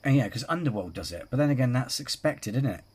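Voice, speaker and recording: A man's voice: medium pitch, lively intonation, quick pace, a little mellow, breathy edge. A man hosting a reaction video, chatting casually and rambling through asides and self-corrections as he comments on clips.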